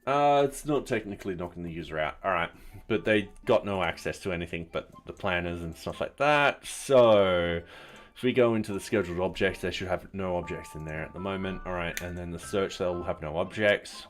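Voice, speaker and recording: A man live-streaming his coding work, thinking aloud and narrating each step as he tests his software in a relaxed, offhand way. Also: low voice, brisk. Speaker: software developer streaming his open source project.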